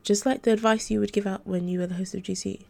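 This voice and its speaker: A woman's voice: mid-range voice, fairly even intonation, fast, vocal fry, darkish tone, lightly acted. A woman reading the part of a troubled young female angel tutor in a formal, hesitant, restrained way. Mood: earnest.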